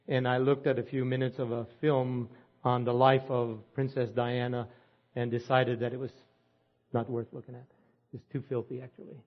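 A man preaching a sermon in a folksy storytelling way, asking the congregation rhetorical questions. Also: medium pitch. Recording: muffled lo-fi recording.

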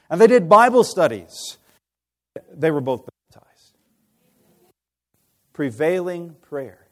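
A man delivers a sermon in a voice that sits a little high for a man. He moves between soft, drawn-out appeals and loud storytelling, often stopping to put questions to his listeners. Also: very animated. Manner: impassioned, swings from hushed to loud, asks the congregation questions. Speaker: preacher.

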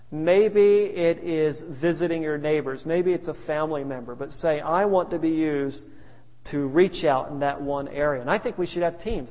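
A man with a fairly high voice preaches to a congregation. He tells homey stories about his family to make his points. His voice rings out with a long hall reverb. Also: darkish tone. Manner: folksy, telling family stories. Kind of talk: sermon. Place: church.

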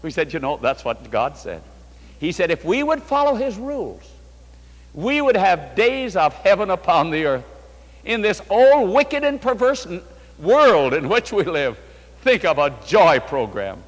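A pastor delivers a sermon with a fairly high, animated voice that rises and falls as he tells a story and acts out its dialogue. He quotes scripture along the way. The sound rings with a long hall reverb. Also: unhurried.

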